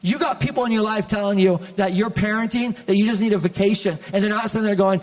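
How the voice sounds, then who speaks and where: Guy pastor preaching, high voice, jokey and animated, big echoey church hall. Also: quick pace, few pauses. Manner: animated, conversational preaching with humor. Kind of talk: sermon. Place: large church auditorium.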